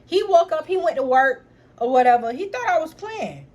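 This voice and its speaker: A young woman telling a personal story straight to camera in an animated, profane way, talking to her viewers as y'all. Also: high-pitched, normal speed, muffled recording. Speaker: storytime vlogger. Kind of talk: casual storytime vlog.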